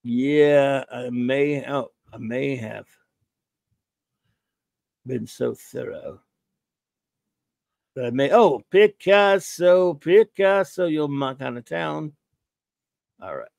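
A man's voice: mid-range voice, slow, creaky, pauses often, darkish tone, dry recording. A man hosting a live stream, rambling and joking as he greets viewers in the chat. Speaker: podcast host.

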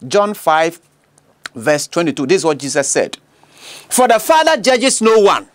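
Emphatic Ghanaian man preaching with lively pitch. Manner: emphatic, slow and deliberate, with rhetorical questions. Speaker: preacher and apologist. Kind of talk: bilingual teaching sermon.

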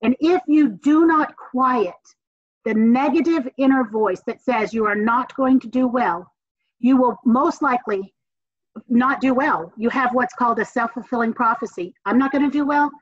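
Southern American woman, professor type, bright-leaning higher voice, energetic and encouraging; dull, dry lo-fi sound. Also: measured pace, no room sound. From Southern United States. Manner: energetic, encouraging, emphatic repetition. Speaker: communications professor. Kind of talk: classroom lecture.

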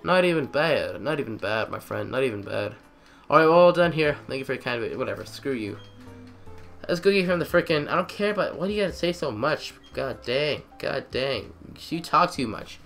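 A man's voice: medium pitch, expressive, fairly quick, gravelly, soft background music. Sarcastic young man grumbling over gameplay. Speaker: let's play host. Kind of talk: casual gameplay commentary.

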